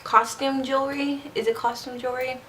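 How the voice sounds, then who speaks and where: A woman vlogger whose first language is Spanish talks to camera in a rambling, chatty way, slurring her words a little when she speaks fast. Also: sits high, level tone, fairly bright tone, a little hiss or hum. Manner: chatty, rambling, repeats herself. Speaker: beauty vlogger. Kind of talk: casual chat to camera.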